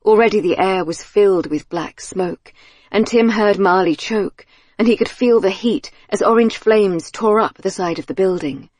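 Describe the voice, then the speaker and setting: A woman reading an audiobook thriller in a measured, tense storytelling manner on a close studio mic. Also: medium pitch, a little mellow, no room sound. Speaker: audiobook narrator. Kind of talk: scripted audiobook narration.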